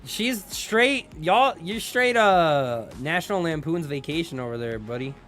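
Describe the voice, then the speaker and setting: Young guy streamer, bouncy lively voice, slangy chill chat w/ faint music behind. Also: a little high, unhurried. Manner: laid-back slangy, laughs often, greets chat. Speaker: streamer host.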